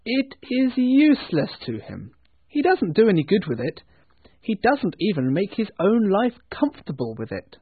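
A man's voice: high-pitched, wildly swooping pitch, moderate pace, husky, no echo, voice pushed up, exaggerated voice. A man doing Scrooge's cheerful young nephew. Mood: earnest. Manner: emphatic, raised voice. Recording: tinny phone-like sound.

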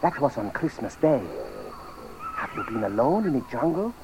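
A lively young jungle hunter. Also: male voice, on the high side, normal speed, background noise. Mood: concerned. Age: young adult.

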